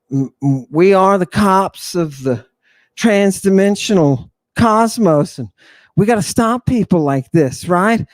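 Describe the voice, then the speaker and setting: A man's voice: fairly high pitch, darkish tone, no echo. A man hosting a talk show, lecturing on ancient texts in a theatrical, mocking way, full of rhetorical questions and asides. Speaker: podcast host.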